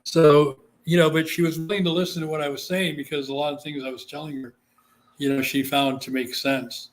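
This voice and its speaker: A man's voice: a little high, level tone, a little fast. A man from Guam, a psychic medium, telling a story in a casual interview, with lots of "you know" fillers and quoted voices. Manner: chatty, full of "you know" fillers, acts out quoted people.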